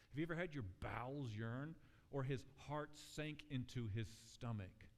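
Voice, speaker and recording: Conversational pastor in a reverberant church. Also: male voice, mid-range voice, normal speed. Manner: conversational, animated storytelling with acted quotes. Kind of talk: sermon. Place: church sanctuary. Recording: long church hall reverb.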